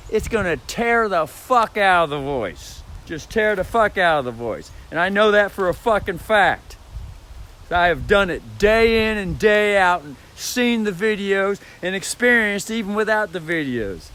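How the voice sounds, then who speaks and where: A man talks into his camera at home in a slow, drawn-out ramble. He circles back over the same points and curses casually, and his voice sits high and bright. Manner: profane, repetitive, demonstrates voice sounds. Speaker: vlogger. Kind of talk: rambling vlog monologue about voice technique. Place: indoors at home. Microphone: phone or camera mic.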